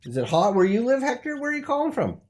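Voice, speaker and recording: A male talk show host who plays everything up like a grand announcer. His pitch leaps and dips with every phrase, and his comic bits come out loud and showy. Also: huge pitch swings, fast talker, over a noisy crowd. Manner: theatrical, exaggerated announcer delivery. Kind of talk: comedic call-in show.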